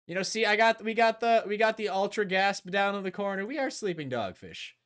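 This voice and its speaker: A man doing a loud, bouncy, over-the-top impression of a hyped, goofy male streamer. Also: sits high, expressive, brisk.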